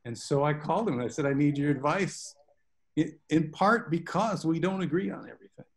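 A man's voice: a little high, lively intonation, fast talker. A man, a guest author, telling long stories with tangents in a book club discussion over a video call. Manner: rambling, self-aware storyteller with tangents.

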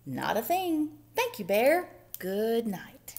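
A woman reading aloud as a tiny fussy mouse fellow, chatty and ever so polite, with a high squeaky voice that leaps about and keeps a little gravel at the edges. A picture-book read-aloud, delivered slowly and sweetly. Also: wildly swooping pitch, a little mellow, full character voice. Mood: cheerful.

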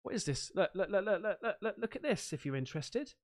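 An excitable man chatting casually while he opens fan mail on stream. His pitch leaps up and down, he swears freely and he laughs a lot. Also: quick pace. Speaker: streamer host.

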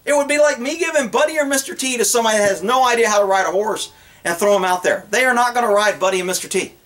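High-voiced guy giving blunt horse advice, just chatting. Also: rapid-fire, a bit bright. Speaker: horse trainer. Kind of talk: casual advice talk.

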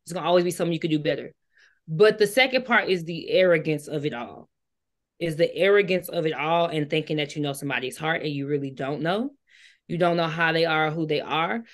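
A woman joining a casual book discussion as a guest, talking the story through expressively and weighing both sides. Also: deep voice. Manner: expressive retelling, then measured and reflective. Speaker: guest co-reader.

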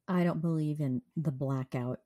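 A woman's voice: low voice, normal speed, warm tone. A woman with a cold co-hosting a true crime podcast, reading case notes and adding dry jokes. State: has a cold. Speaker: podcast co-host. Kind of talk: casual true crime chat.

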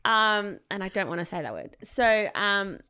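A woman's voice: mid-range voice, expressive, moderate pace, pushed and bright, clean tone. A woman co-hosting a podcast, retelling a story in casual chat with lots of fillers and acted-out quotes. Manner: chatty, many fillers, acts out quoted people. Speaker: podcast co-host.

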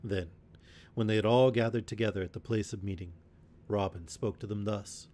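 A man reading a classic adventure tale aloud as a bedtime story, in a measured, expressive way. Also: on the low side.

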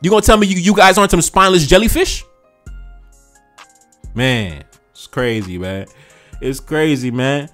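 A man's voice: a little high, expressive, moderate pace, pauses often, fairly bright tone, soft background music. A man with an American accent hosting a reaction video, talking passionately in slangy street speech and repeating phrases for emphasis. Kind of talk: fired-up commentary on viewer comments.

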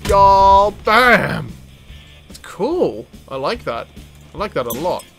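A young man commentating his gameplay, excitable and swearing, breaking into sudden high yelps and laughter. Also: normal speed, soft background music. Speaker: let's play gamer.

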